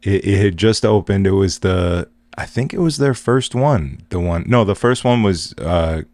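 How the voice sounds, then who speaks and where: Podcast host, male, very low voice, laid-back and swearing, dry room. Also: lively intonation, moderate pace, a little mellow, dry recording. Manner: laid-back, profane storytelling. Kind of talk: casual chat.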